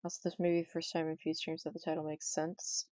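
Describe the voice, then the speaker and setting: A woman streaming a game live, chatting casually with her chat and teasing them in a dry, deadpan way. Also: deep voice, quick pace, dry recording.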